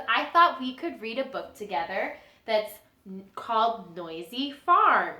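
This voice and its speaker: A young woman teacher singing songs and reading a storybook to small children, gently and with lively animal noises. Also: on the high side, echoey room. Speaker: preschool teacher.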